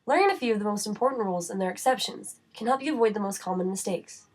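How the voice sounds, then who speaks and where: A woman narrating a writing-center lesson in a measured, scripted voice-over. Her pitch sits in the middle range. She reads each example word slowly and carefully. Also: a little mellow.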